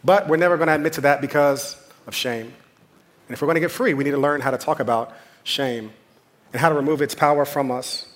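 A man's voice: on the high side, brisk. Man preaching with passionate repetition. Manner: conversational, impassioned preaching with repeated phrases. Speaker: pastor. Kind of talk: sermon.

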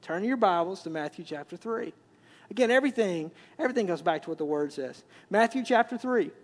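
A man's voice: high voice, lively intonation, brisk. A man, preaching a conversational sermon and repeating words as he builds up. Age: 40s. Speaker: pastor.

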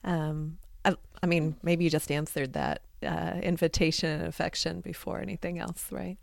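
A woman's voice: sits low, animated, moderate pace, vocal fry, dry recording, clean studio sound. A woman hosting a podcast in a casual interview style, asking eager follow-up questions. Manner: warmly enthusiastic, asks follow-up questions. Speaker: podcast host.

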